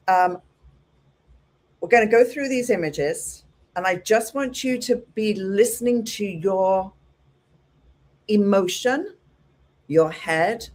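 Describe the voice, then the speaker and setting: A middle-aged woman teaching a hairdressing class, animated and acting out her clients with lively exclamations. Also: medium pitch. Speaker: hairdressing educator.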